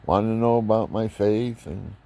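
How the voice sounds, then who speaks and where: In a casual religious monologue, an older man with a low, gravelly voice talks at normal speed about faith and family. He rambles and grows preachy, animating his stories as he goes.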